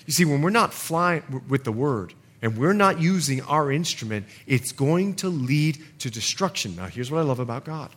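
A man preaching a sermon in an animated way, acting out little asides for the congregation. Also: medium pitch, normal speed, hardly any pauses. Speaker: pastor.

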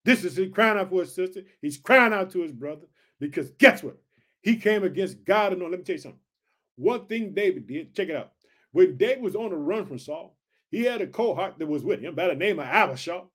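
A man with a high, swooping voice preaches on a Bible passage. He is fervent and lively, with pitch leaping up and down as he keeps checking that his listeners are following along. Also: a little fast. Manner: fervent, keeps asking "did you hear?" and "check it out"; addresses listeners as family. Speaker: Bible teacher. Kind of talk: animated Bible teaching.

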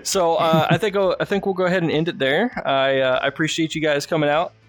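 A man's voice: fairly high pitch, steady tone, quick pace, no room sound, soft background music. A man hosting a podcast, telling rambling stories with lots of swearing and laughter. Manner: rambling storyteller, swears freely, laughs often. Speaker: podcast host. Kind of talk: casual chat.

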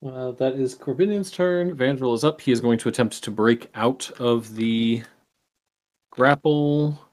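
A man acting as game master, calmly narrating turns and explaining rules of a tabletop game. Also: medium pitch. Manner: measured, explains rules with fillers.

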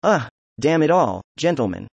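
A man's voice: a little high, very animated, normal speed, creaky, slightly rough, no room sound, highs cut off, exaggerated voice. A man voicing a proud, hot-tempered young man who speaks in gloomy, defiant outbursts. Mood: exasperated.

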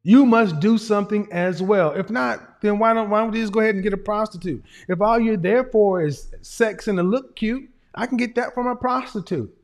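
A man's voice: high-pitched, normal speed, few pauses. A man giving casual livestream commentary in a blunt, emphatic, profane lecturing manner. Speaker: streamer and commentator.

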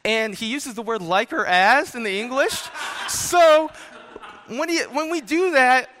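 High, bright-voiced young man preaching. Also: measured pace. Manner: chatty, joking, fillers. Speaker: youth speaker. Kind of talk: casual sermon with storytelling. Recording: reverberant hall.

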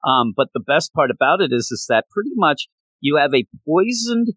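A man chatting casually on a podcast, excited and rambling, often restarting his sentences. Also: a little high, normal speed, no echo. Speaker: podcast co-host. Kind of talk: casual chat about comics.

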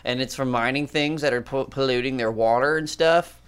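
A man's voice: medium pitch, a little fast, fairly bright tone, smooth. A man in easy, profane comedy banter. He tells stories loosely to his friends. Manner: casual, swearing, laughing often.

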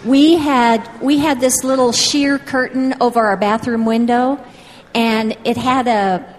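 A woman's voice: on the high side, steady tone, measured pace, big-room sound. A woman telling a homespun story from the stage in a chatty, informal way.

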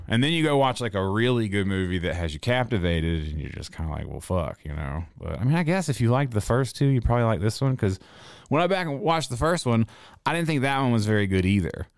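A man's voice: on the low side, animated, a little fast, clear, resonant tone, dry recording, studio quality. A man hosting a podcast, giving a loose, profane, rambling movie review full of slang and fillers. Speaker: podcast host.

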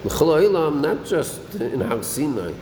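In an echoey study hall with faint air-conditioning hum, a Torah teacher leads a Talmudic-style lesson, asking his students questions and weaving in Yiddish and Hebrew words. His voice is on the high side and darkish in tone, very animated but a little slow.

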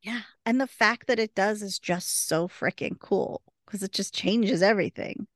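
A woman's voice: medium pitch, moderate pace, no echo, studio quality. A woman co-hosting a podcast, eagerly retelling a TV episode in casual chat full of fillers. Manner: enthusiastic, retelling scenes with many fillers. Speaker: podcast co-host.

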